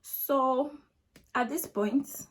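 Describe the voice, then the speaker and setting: Young Nigerian-accented woman vlogger telling a personal story with emotion and repetition, her voice a touch high. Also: extremely slow. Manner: emotional, repetitive retelling with many "like" fillers.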